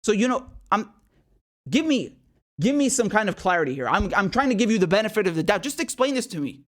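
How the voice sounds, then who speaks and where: A man delivering a political commentary monologue in a fairly high voice. He talks in a heated, profane way, piling up rhetorical questions and repeating phrases to drive home each point. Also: very animated, fast.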